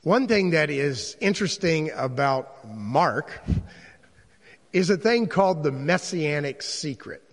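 A man's voice: on the high side, animated, slow. A man teaching a Bible class in a conversational way, posing rhetorical questions to his listeners. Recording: long reverb in a large room.

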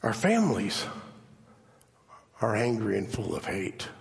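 A man's voice: fairly low pitch, very animated, measured pace, creaky. A man preaching a sermon in a church, emphatic, his voice climbing sharply on the phrases he stresses. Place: church sanctuary. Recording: long reverb of a large hall.

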